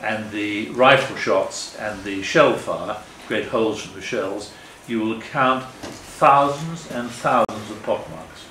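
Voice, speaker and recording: An older man with a fairly low voice speaks earnestly to an audience. He rambles and corrects himself as he goes, and his voice carries an echo in the room with faint ambient noise behind it. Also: slow pace, few pauses, bright, forceful tone, recorded from a distance. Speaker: guest speaker. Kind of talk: public talk with slides. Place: meeting hall.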